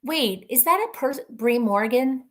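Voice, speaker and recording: A woman hosting a casual live stream, reading viewer comments aloud in a chatty, rambling way, laughing often and thinking out loud. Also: on the high side, expressive, a little slow. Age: adult mother of children.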